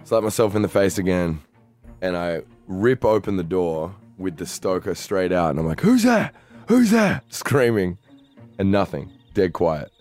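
A man's voice: sits low, normal speed, faint music behind. A young Australian man co-hosting a podcast, telling a wild story in casual chat with plenty of swearing. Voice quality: swears freely, animated retelling. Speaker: podcast co-host.

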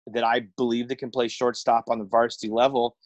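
A middle-aged man, a high school baseball coach, talking frankly and casually with many fillers over a video call. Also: level tone, fairly quick, no echo. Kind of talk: casual interview chat. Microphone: video call with earbuds.

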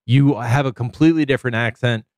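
A man's voice: mid-range voice, fast talker, a little mellow, dry recording. A man co-hosting a podcast, chatting and riffing animatedly, swearing freely. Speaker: podcast co-host. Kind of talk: casual chat. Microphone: studio mic.

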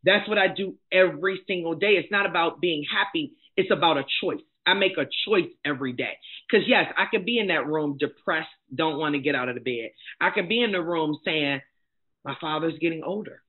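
A middle-aged woman, a life coach and motivational speaker, telling her own story as a guest, blunt and emphatic in a candid, animated way. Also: deep voice, a little fast, slightly rough. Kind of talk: candid personal storytelling in conversation. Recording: tinny phone-like sound.

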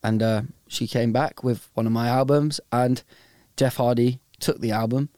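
Laid-back host, mid pitch, dry. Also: male voice, fairly even intonation, moderate pace, dark tone, dry recording. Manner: laid-back, rambling, laughs easily. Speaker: host of a phone-in show. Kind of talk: casual chat.

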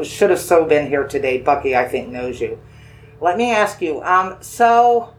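A paranormal investigator gently questioning a spirit with dowsing rods, coaxing and reassuring, repeating phrases and asking slow yes-or-no questions. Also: mid-range voice, slight background noise.

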